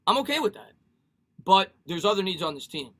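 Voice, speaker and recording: Male sports streamer, high and bright, excitable and repetitive, casual live chat. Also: brisk. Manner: animated, repeats himself, reads viewer comments.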